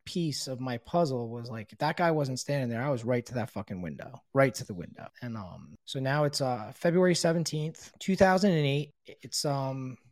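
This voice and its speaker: A man's voice: medium pitch, moderate pace, hardly any pauses, dry recording. Candid man telling his story, dry sound. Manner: candid, frequent swearing, quotes others in dialogue; grows quiet and subdued in emotional moments. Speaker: podcast guest telling his recovery story. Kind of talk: personal storytelling.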